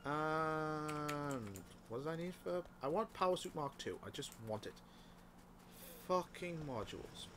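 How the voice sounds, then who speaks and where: A man's voice: on the high side, a little slow, noisy background. A man giving casual, muttered commentary while he plays a factory-building game, swearing often. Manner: muttering to himself, frequent swearing. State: hiccups. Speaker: let's play host.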